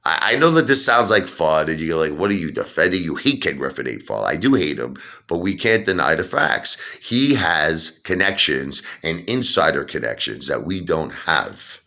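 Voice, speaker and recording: A middle-aged man ranting heatedly to his viewers about stocks, repeating himself and rising to shouts. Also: very deep voice, moderate pace, creaky, few pauses. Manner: animated, repetitive, rising to shouts. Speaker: stock market video host. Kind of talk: heated opinion rant.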